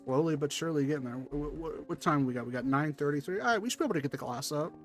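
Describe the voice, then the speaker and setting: A man's voice: on the high side, lively intonation, rapid-fire, faint music behind. A man streaming a game live, chatting casually and talking to himself while he plays, with offhand jokes. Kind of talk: casual live gameplay commentary.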